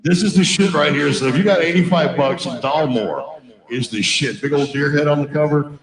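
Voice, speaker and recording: A man telling stories in a casual chat, swearing freely and talking with loud, boisterous energy. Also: fairly high pitch, normal speed, reverberant, a crowd in the background, poor audio. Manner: profane, boisterous storyteller. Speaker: musician.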